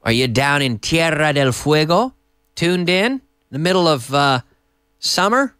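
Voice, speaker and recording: A man's voice: a little high, lively intonation, unhurried, fairly bright tone, smooth, no room sound. A man hosting a live-stream English lesson, chatting casually and reading out viewer messages from a TV studio. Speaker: English teacher and host.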